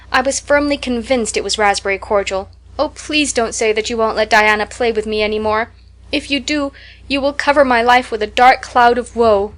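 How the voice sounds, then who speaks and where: A woman's voice: on the high side, a bit bright, voice pushed up, natural voice. Anne, a woman voicing a dramatic orphan girl. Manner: flowery, pleading, theatrical.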